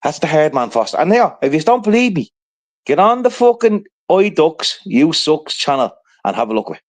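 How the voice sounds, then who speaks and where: Guy rambling and swearing on a live stream, voice sits a bit high, keeps going "right?". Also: very animated, moderate pace. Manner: rambling, profane storytelling with constant "right?". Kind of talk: casual chat.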